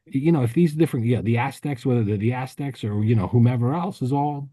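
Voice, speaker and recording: A man co-hosting a podcast, telling a rambling story in casual chat with many restarts and quick laughs. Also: medium pitch, dark tone, dry recording. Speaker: podcast co-host.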